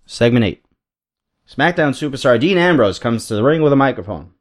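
A man's voice: mid-range voice, expressive, fairly quick. Man reading wrestling storylines casually. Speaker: podcast host. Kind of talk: reading out fantasy wrestling booking.

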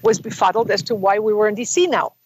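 A woman guest in an interview, telling a long personal story in an animated way and acting out the quoted dialogue. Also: mid-range voice, fast talker, a little hiss or hum, low-quality recording. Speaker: guest author.

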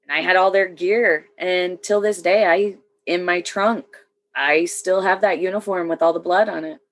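Woman veteran, low voice, matter-of-fact storytelling, casual chat. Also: fairly even intonation, normal speed. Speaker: military veteran. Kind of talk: casual conversation.

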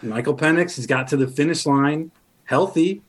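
A man co-hosting a casual sports talk show, reciting numbers and offering quick opinions. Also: a little high. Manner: conversational, quick stat recitation with light laughs. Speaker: podcast co-host.

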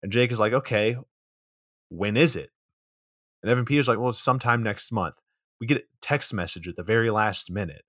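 A man's voice: lowish voice, brisk, pauses often, fairly bright tone, no echo, clean studio sound. A man co-hosting a podcast, walking through a movie's plot in a matter-of-fact way with casual swearing. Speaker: podcast co-host.

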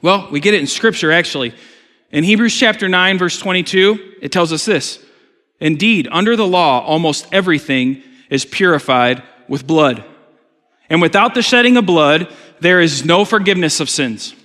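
A male pastor giving a conversational sermon in a church, swinging between loud emphasis and soft asides, with jokes along the way. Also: on the high side, animated, normal speed. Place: church sanctuary. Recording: long hall reverb.

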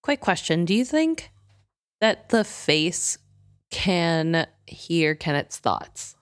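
A woman's voice: lowish voice, very animated, slow pace, smooth. A woman co-hosting a book podcast, thinking aloud about a story. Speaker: podcast co-host. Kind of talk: book discussion.

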